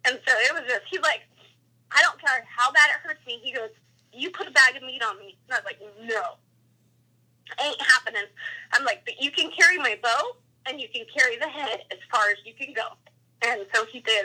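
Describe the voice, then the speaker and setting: Bright, animated woman telling a story. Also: high-pitched, husky, poor audio. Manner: animated, acts out quoted dialogue. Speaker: guest hunter telling a story. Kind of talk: casual storytelling interview.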